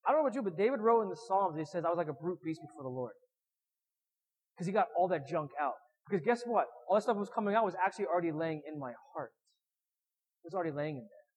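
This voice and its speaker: A man preaching a sermon, animated, acting out whiny voices with sudden loud and soft turns. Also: sits high, rapid-fire, breathy edge, big-room sound, rough recording.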